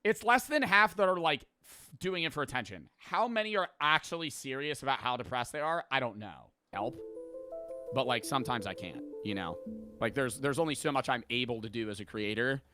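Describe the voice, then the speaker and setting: A man's voice: mid-range voice, lively intonation, a little fast, pushed and bright, faint music behind. A young man who streams, talking bluntly and casually with lots of fillers and swearing. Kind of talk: casual storytelling and reflection.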